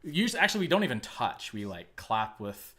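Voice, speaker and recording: This is a man hosting a casual live-streamed chat. His pitch swings widely as he talks. He is animated and chatty, with plenty of fillers. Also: brisk. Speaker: podcast host, improv actor. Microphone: booth microphone.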